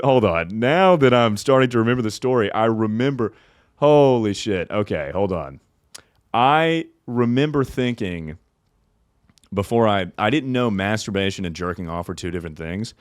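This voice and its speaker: A young man hosts a comedy podcast in a loose, riffing way, swinging from loud bits to mumbled asides. His voice sits on the low side and the recording is dry and close, with no room sound. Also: no echo. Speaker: podcast host. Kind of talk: casual comedic chat.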